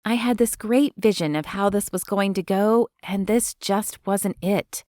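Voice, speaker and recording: A woman's voice: mid-range voice, unhurried, darkish tone, dry recording, clean studio sound, close to an everyday voice. A woman narrator voicing a sweet, easily flustered young woman in an audiobook. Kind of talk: audiobook character voice.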